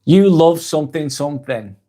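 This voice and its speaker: A British man hosting a live stream, reading viewer comments aloud and answering them in a soft, sympathetic way with light laughs. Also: a little high, lively intonation, normal speed.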